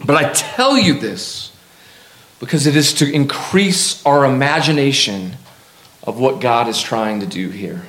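A man preaching a sermon as a pastor, lively and humorous, with emphatic repetition. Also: medium pitch, measured pace. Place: church sanctuary. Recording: echoey church hall.

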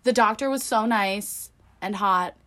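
Young woman podcast cohost, mid pitched voice, jokey teasing banter. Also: unhurried, sharp tone. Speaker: podcast co-host. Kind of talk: casual chat.

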